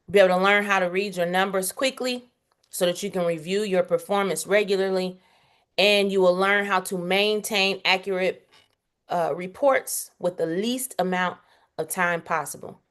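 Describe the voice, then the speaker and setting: A woman's voice: on the low side, fairly bright tone. A woman teaching a bookkeeping workshop in a direct, casual, emphatic way, often checking in with "okay?". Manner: casual, direct, uses slang. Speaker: bookkeeping instructor.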